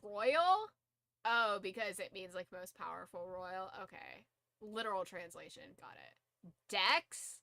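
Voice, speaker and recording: A woman's voice: mid-range voice, expressive, slow pace, vocal fry, bright, forceful tone, no echo. A young woman streaming casually, who swears freely, laughs a lot and shrieks in disbelief. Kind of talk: casual live-stream chat.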